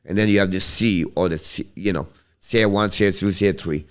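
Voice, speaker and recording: Low, a bit bright, and smooth, his voice carries a Quebec French accent. He hosts a laid-back hockey live stream where he answers viewers haltingly, restarts sentences a lot, and code-switches between French and English.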